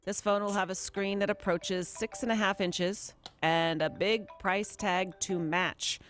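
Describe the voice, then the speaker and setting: A woman co-hosting a morning radio show, reading news items in a brisk, chatty way from a studio microphone. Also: medium pitch, steady tone, fairly bright tone, soft background music. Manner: brisk newsy delivery, quick laughs. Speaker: radio co-host.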